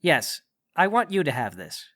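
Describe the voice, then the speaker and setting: A man's voice: fairly high pitch, big pitch swings, moderate pace, fairly bright tone. A man playing a prim, formal male butler in a tabletop game. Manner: formal, polite. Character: polite, fussy male butler.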